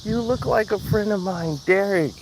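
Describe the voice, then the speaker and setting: A man's voice: high-pitched, moderate pace, heavy background noise, voice pushed up. A man voicing a flustered, apologetic young woman who mistakes a stranger for a friend, outdoors with insects chirping behind. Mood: flustered apology.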